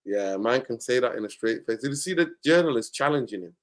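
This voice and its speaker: A man in casual football chat, blunt and animated, bursting into loud exclamations. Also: medium pitch, quick pace. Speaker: football podcast host.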